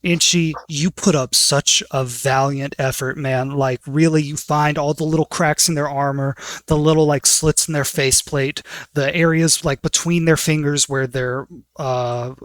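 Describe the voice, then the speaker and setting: A man's voice: on the high side, steady tone, a little slow, few pauses, no echo. A man running a tabletop game as game master, narrating scenes in a casual, descriptive way.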